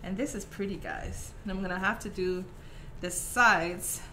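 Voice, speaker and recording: A woman from Saint Croix with a softened Virgin Islands Caribbean accent, chatting casually with viewers during a live craft tutorial. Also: medium pitch, steady tone, a little slow, a little hiss or hum. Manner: chatty, talks to viewers by name with many fillers. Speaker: craft stream host.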